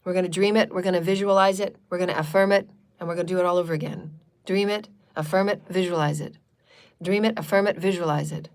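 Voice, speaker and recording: A woman's voice: on the low side, steady tone, fast talker, a little mellow. A woman hosting a live channeled spiritual talk, speaking in repetitive, chant-like affirmations and loose, chatty asides. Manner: chatty and loose, with frequent fillers.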